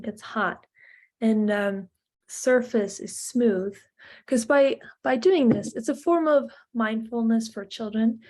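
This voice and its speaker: Slow, chatty woman giving a lecture. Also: on the high side, dark tone. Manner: slow, chatty, many fillers and "like". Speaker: parenting lecturer. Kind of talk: informal recorded lecture.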